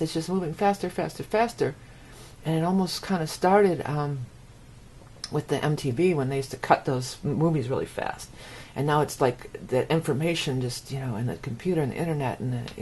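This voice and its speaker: Give me a woman from the US with a deep voice, talking loosely through an astrology forecast. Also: a little mellow, slightly rough. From United States. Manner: rambling, repeats words for emphasis. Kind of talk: casual monologue forecast.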